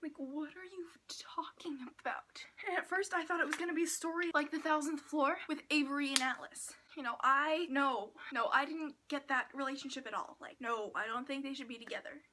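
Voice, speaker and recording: A young woman with a high, sharp, bright voice reviews a book in a loose, chatty way. She gushes with excitement and slips into whispered asides. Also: brisk, few pauses, slight background noise. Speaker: book vlogger. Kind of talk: casual book review chat.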